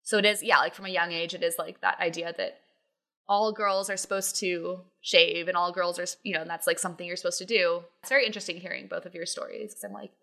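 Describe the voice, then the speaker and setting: A woman's voice: on the low side, steady tone, fast talker, gravelly, pushed and bright. A woman talking in a casual chat, rambling and hedging with lots of fillers.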